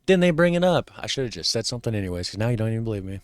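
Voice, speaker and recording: A man's voice: lowish voice, very animated, rapid-fire, no echo. An American man hosting a reaction video, making casual, rambling asides and asking questions. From United States.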